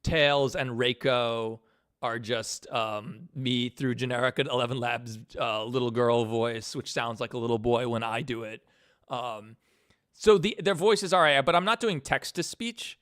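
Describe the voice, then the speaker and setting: A man's voice: mid-range voice, a little slow, fairly bright tone. A man casually chatting on a live stream from his home computer setup, rambling and correcting himself as he talks. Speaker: animator streaming his work.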